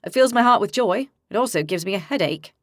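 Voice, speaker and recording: A woman voicing a good-natured, steady young male warrior with calm, warm, reassuring speech. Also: medium pitch, fast, no echo, studio quality, close to an everyday voice.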